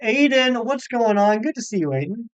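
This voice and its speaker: A man's voice: very high-pitched, expressive, moderate pace, clean tone, dry recording, dull audio. A man streaming a game live, chatting casually and reading viewer comments aloud. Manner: chatty, reads chat aloud, self-deprecating. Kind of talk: live stream chat while gaming.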